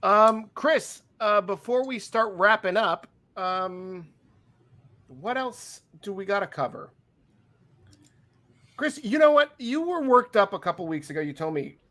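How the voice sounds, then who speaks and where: High-voiced excitable man. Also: measured pace. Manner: excitable, teasing play-by-play. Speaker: podcast co-host. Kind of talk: casual wrestling chat.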